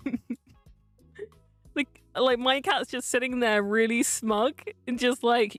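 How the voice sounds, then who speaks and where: Woman streamer, unhurried casual storyteller, laughs a lot, dry close mic with soft background music. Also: fairly high pitch, dry recording. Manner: chatty, laughing often, lots of fillers and swearing. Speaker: vtuber streamer.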